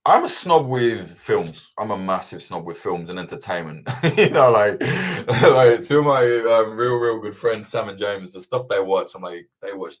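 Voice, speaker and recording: Low-voiced man ranting, swearing freely. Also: normal speed, hardly any pauses. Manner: swears constantly, animated and ranting. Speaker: livestream host answering viewer questions. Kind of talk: casual chat.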